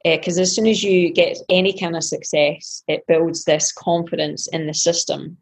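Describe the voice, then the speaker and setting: A woman's voice: fairly low pitch, flat delivery, moderate pace, vocal fry, slightly rough. A woman triathlete guest telling a story in an interview, acting out her own past thoughts with animation.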